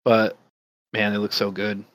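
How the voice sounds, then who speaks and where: A man's voice: on the low side, completely flat delivery, unhurried, fairly bright tone, dry recording, poor audio. A man in casual chat as a podcast co-host, rambling and laid-back, cursing freely as he reminisces.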